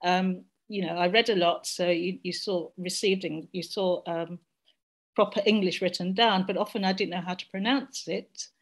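A woman's voice: on the low side, steady tone, normal speed. A middle-aged woman from Jamaica, sharing personal reflections as a panelist in an online group discussion, searching for words as she goes.

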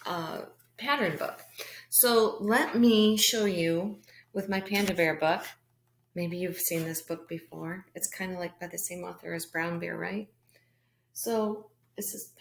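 Slow-talking woman teaching little kids. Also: lowish voice, a little hiss or hum. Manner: slow, encouraging, speaks directly to children. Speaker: kindergarten teacher. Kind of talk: read-aloud reading lesson for children. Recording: echoey room.

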